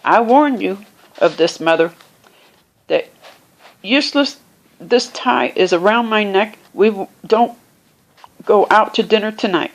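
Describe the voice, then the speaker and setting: A woman voicing a pompous, hot-tempered Edwardian father who rants loudly about his tie, in a storybook reading. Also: mid-range voice, measured pace, long pauses, natural voice, poor audio. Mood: blustering.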